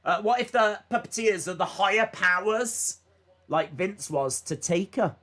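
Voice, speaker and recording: A young man livestreams a wrestling watch-along, giving casual play-by-play of the moves and reading viewer chat aloud, with frequent "uh" fillers. His voice sits high, with a bright, forceful tone and a measured pace.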